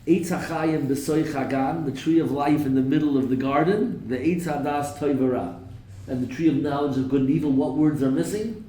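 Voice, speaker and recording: A man's voice: on the high side, normal speed, dark tone, far from the mic. A man teaching a live Torah class, quoting verses in Hebrew, translating them and quizzing his students, with a joke here and there. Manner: slips in jokes. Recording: echoey room with faint noise.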